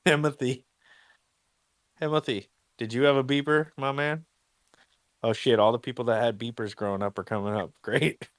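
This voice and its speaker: A man hosting a casual live audio chat, loose and excitable, laughing and swearing freely. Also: medium pitch, normal speed, long pauses, no echo.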